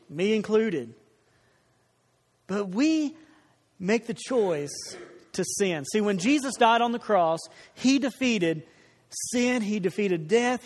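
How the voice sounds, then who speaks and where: High-voiced preaching man in a reverberant hall. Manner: earnest, repeats phrases for emphasis, asks the congregation questions. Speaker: pastor. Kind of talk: sermon. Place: church.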